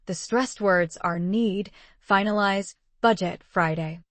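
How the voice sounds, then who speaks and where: A woman narrating an English listening lesson in a clear, measured teaching manner. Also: mid-range voice, no room sound, clean studio sound.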